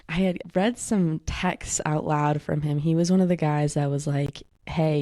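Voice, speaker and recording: A woman's voice: low-pitched, creaky, warm tone, dry recording, clean studio sound. A young woman in her twenties hosting a casual podcast, chatting and gossiping as she quotes herself. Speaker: podcast host. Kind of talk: casual chat.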